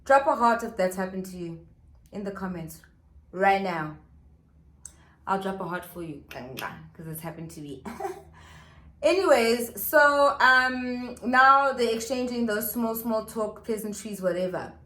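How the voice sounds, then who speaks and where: A woman's voice: medium pitch, expressive, measured pace, a bit bright. A woman vlogger telling a gossip story while doing her makeup at home, chatty with dramatic asides to viewers. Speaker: beauty vlogger. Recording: echoey room.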